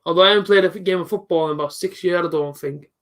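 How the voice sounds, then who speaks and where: A young man hosting a live football reaction stream, chatting casually with viewers and breaking into excited shouts at big moments. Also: sits high, rapid-fire. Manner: chatty, jumps to excited shouting at goals, reads out viewer comments.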